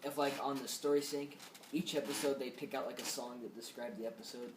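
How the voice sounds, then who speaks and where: A man's voice: medium pitch, steady tone, a little fast, far from the mic. A man co-hosting a casual TV review chat, giving short wry replies. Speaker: podcast co-host. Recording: echoey room, off-mic, faint noise.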